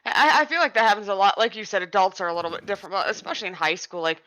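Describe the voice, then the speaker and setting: A woman co-hosting a casual podcast, chatty and quick to agree, swearing now and then. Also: mid-range voice, fairly bright tone, low-quality recording. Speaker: podcast co-host.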